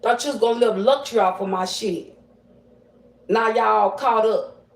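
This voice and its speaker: A woman's voice: a little high, moderate pace. A woman livestreaming as a psychic medium, ranting in a profane, confrontational, slangy way. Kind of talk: livestream rant. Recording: roomy and distant from the mic.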